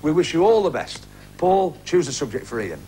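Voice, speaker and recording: A man's voice: a little high, sing-song, moderate pace. A man hosting a TV game show from a studio, chatting and joking with contestants. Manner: jokey, chatty banter with contestants. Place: TV studio with live audience. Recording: 1980s TV broadcast, loud crowd and noise.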